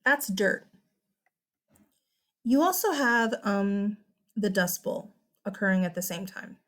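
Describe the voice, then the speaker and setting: A young woman with a Texan accent, teaching a recorded history lesson in a chatty, animated, exclamatory way. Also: mid-range voice, slow.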